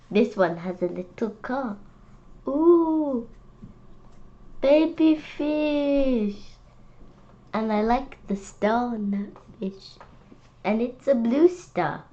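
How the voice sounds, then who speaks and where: A woman reading children's picture books aloud, lively and expressive, with stumbles and restarts. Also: medium pitch, muffled recording. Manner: expressive, loud character voices, stumbles and restarts. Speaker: storyteller.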